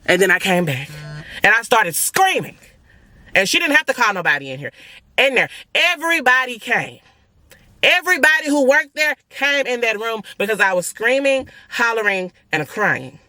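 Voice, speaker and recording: Blunt, animated woman telling a story. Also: a little high, normal speed, dry recording. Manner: animated, blunt and profane, talking straight to viewers. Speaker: family vlogger. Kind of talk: emotional personal storytelling.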